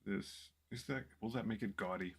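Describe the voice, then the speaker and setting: A man casually thinking aloud to himself while painting a miniature in his small home office, relaxed and self-deprecating. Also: lowish voice, moderate pace, creaky, slightly rough.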